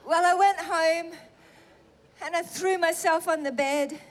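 A middle-aged woman telling a personal testimony in a sermon, animated and self-mocking, laughing through emotional moments. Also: very high voice, unhurried. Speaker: preacher sharing a testimony.

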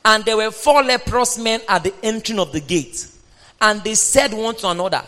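A man preaching a sermon, reading scripture aloud and speaking emphatically, at times shouting. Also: sits high, normal speed. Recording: long hall reverb.

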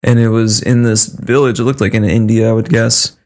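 A man's voice: fairly low pitch, level tone, fairly quick, darkish tone. A man in a casual podcast chat, laid-back and thoughtful, mostly giving short replies.

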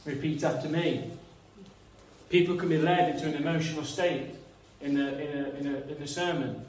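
A man's voice: fairly high pitch, steady tone, brisk, darkish tone, slight background noise. A man preaching a sermon in an earnest, reasoning way, often repeating words as he thinks. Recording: echoey room, mic some distance away.

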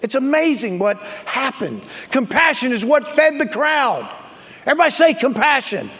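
A male pastor preaching a sermon, building to shouts and calling on the congregation to respond. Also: very high-pitched, big pitch swings, moderate pace, long reverb tail.

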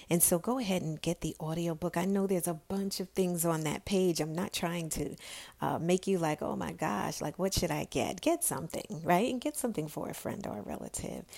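A woman hosting a devotional podcast, speaking softly and often in a breathy half-whisper, recorded on an earphone mic. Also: low-pitched. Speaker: podcast host.

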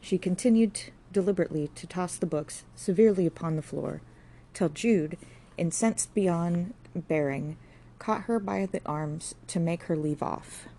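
A woman narrating a classic novel as an audiobook, reading in a measured, steady way. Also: on the low side.

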